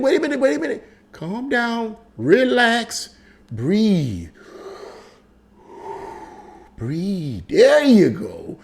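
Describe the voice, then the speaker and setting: Speaking in a high-pitched, creaky voice, a political commentary host tells a story in a relaxed monologue. He is animated and emphatic, chatting conversationally and returning to the same points again and again.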